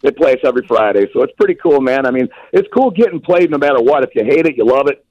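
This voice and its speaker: A man, a musician calling in to a radio show, talking in a relaxed, rambling way with lots of fillers. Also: medium pitch, fast, dull audio. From Western North Carolina. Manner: laid-back, rambling with many uh fillers. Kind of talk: casual phone interview.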